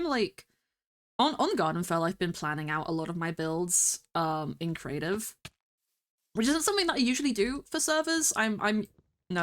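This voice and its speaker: A woman streamer rambling through casual gameplay commentary, talking to herself with bursts of excited exclamations. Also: lowish voice. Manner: chatty, rambling self-talk with excited exclamations. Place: home streaming setup.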